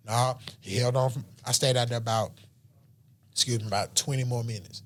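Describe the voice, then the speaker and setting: A man's voice: mid-range voice, fairly even intonation, fairly quick. A man who is a podcast guest telling a personal story in an earnest, emotional way, sometimes dropping to a near-whisper. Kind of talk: personal storytelling in a casual chat.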